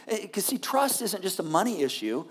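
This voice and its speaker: A woman's voice: medium pitch, sing-song, normal speed, slightly rough, long reverb tail. A woman pastor preaching a sermon on a church stage, talking in a conversational way with frequent check-ins to the listeners.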